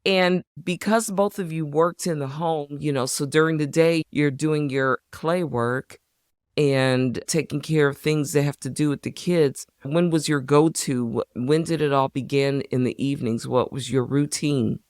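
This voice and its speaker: Smooth-voiced measured interviewer. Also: mid-range voice, fairly even intonation, darkish tone, no room sound, clean studio sound. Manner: measured, prompting questions. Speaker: interviewer and host. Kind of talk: gentle interview questions.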